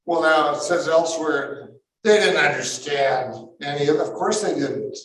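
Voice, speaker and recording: Animated preacher in an echoey room. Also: male voice, fairly high pitch, a little hiss or hum. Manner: animated, rhetorical questions, quick self-corrections. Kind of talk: expository Bible teaching. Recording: echoey room, mic at a distance.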